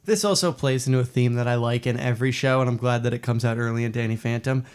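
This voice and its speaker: A man's voice: mid-range voice, fast talker, darkish tone, clear, resonant tone. A man co-hosting a podcast, talking casually in a hesitant, self-mocking way with many fillers. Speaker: podcast co-host. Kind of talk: casual chat.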